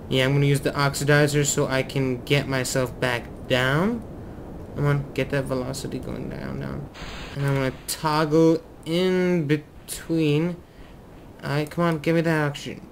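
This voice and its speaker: A man hosting a let's play, commentating excitedly to himself as he flies, at a desk mic at home. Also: a little high, unhurried, vocal fry, a little hiss or hum. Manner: excitable, talks to himself while flying. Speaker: gaming video host.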